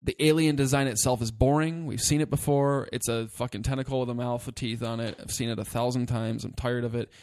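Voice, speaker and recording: A man co-hosting a casual movie discussion, talking in an animated, rambling way and swearing freely. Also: mid-range voice, a little fast, hardly any pauses. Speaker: podcast co-host.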